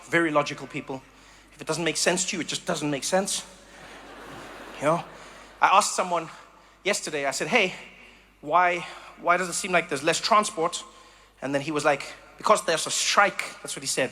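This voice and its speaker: A man from South Africa performing a stand-up comedy set, animated and acting out voices and sounds in sudden bursts. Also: a little high, a little hiss or hum.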